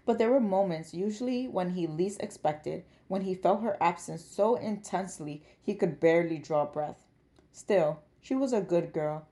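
A woman with a slightly low voice reads a novel aloud for her book podcast. Her delivery is measured and expressive, the steady voice of a storyteller. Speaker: book club podcast host.

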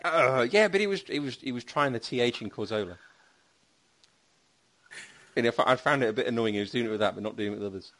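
A man's voice: medium pitch, quick pace, long pauses, a bit bright. A man hosting a casual football podcast, chatty with wry asides. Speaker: podcast host.

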